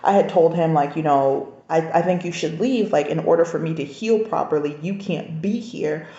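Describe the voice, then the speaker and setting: A woman's voice: low-pitched, normal speed, dark tone. A young adult woman telling a personal story in a candid, conversational vlog, acting out the lines of people in it. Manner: candid, conversational, recounting dialogue. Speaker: vlogger. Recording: echoey room, dull lo-fi sound.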